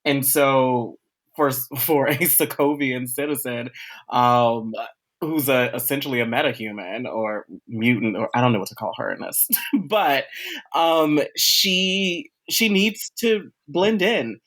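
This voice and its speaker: A man with a mid-pitched voice, breaking a show down thoughtfully on a casual podcast. Light laughter runs through his points. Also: takes it slowly, fairly bright tone. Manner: thoughtful, analytical, laughs often. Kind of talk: casual pop-culture chat.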